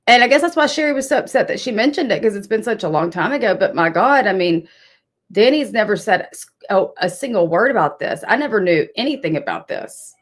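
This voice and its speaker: A woman's voice: mid-range voice, lively intonation, a little fast. A woman hosting a casual livestream, chatty, answering her chat and swearing when annoyed. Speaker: livestream host.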